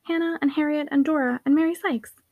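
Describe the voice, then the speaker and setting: A woman voicing a quiet, earnest little girl who answers plainly in a storybook reading. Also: high voice, steady tone, fairly quick, narrow, tinny audio, pitched above the performer's own voice.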